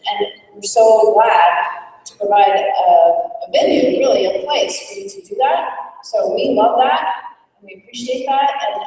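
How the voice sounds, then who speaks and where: A woman's voice: on the high side, unhurried, dark tone, recorded from a distance. Enthusiastic woman speaking in a big echoey hall. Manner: enthusiastic, piles up repeated phrases. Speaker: director of volunteer leadership. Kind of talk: short thank-you speech at a conference. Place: large conference hall.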